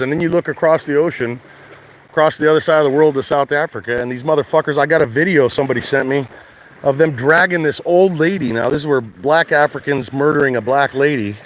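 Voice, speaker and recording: A man's voice: fairly high pitch, fairly bright tone, slight background noise, poor audio. Blunt, profane man ranting outdoors. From United States. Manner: blunt, heavy swearing, rambling. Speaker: vlogger. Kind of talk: casual outdoor rant to camera. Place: outdoors at a shoreline at high tide.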